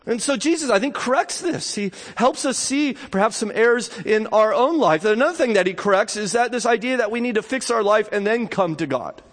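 A man's voice: high voice, animated, a little fast, few pauses. A male pastor preaching a sermon in a conversational, earnest way, often adding "right?" to check in with his listeners. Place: church sanctuary. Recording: long hall reverb.

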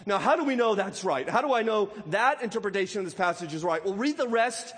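A man preaching a sermon, animated, asking his listeners many questions along the way. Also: high-pitched, quick pace, big-room sound. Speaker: pastor.

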